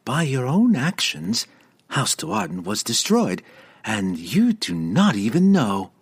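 A man voicing a cruel, vengeful dark elf priestess, cackling and snarling in slow, accusing lines, in an audiobook. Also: mid-range voice, wildly swooping pitch, creaky, slightly rough, voice pushed up, full character voice. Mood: taunting. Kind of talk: audiobook character voice.

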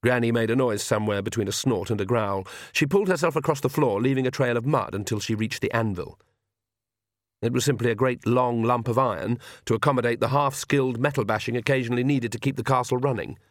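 A man's voice: mid-range voice, quick pace, no echo. Man reading a story, dry close sound. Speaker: narrator. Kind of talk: scripted audiobook narration.

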